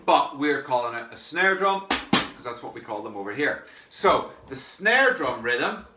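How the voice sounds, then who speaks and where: A man's voice: mid-range voice, sing-song, a little slow. A man teaching a percussion lesson, explaining rhythms step by step in an encouraging way. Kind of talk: music lesson. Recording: echoey room with mic far off, clear background noise.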